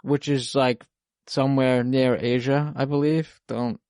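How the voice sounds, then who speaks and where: A man's voice: mid-range voice, fairly even intonation, unhurried, a little mellow, no echo. Young male podcast host, rambling casual delivery, dry close mic. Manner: rambling, loose and profane, many fillers. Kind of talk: casual chat.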